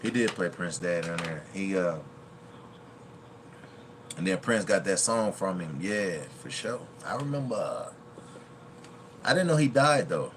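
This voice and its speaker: A man's voice: deep voice, lively intonation, a little slow, long pauses, a little hiss or hum. A man hosting a reaction video in a chatty, casual way, laughing often and quoting movie lines.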